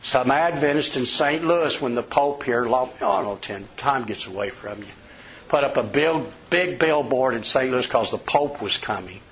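Folksy man preaching, lively pitch. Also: normal speed. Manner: folksy storyteller, acts out quoted voices. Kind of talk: sermon with personal anecdotes. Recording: slightly dull lo-fi sound.

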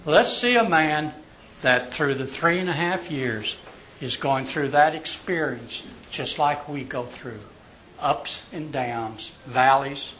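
A man teaching a Bible class, acting out quoted lines loudly and dropping to a soft voice to pray. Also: a little high, slight background noise, low-quality recording. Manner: dramatic, acts out quotes loudly then drops soft for prayer.

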